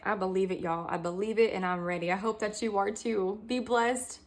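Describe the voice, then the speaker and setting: A young woman giving a casual faith testimony, reading scripture slowly with emphasis and breaking into excited exclamations. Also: mid-range voice. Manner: excited and exclamatory, often says y'all and come on. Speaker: Christian video testimony speaker.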